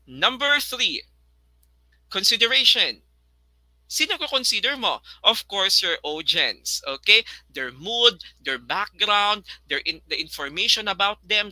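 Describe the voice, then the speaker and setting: A man with a Filipino accent teaching an online lesson, switching between English and Tagalog and repeating words slowly to model pronunciation. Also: high-pitched, pushed and bright, no room sound, rough recording. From Philippines.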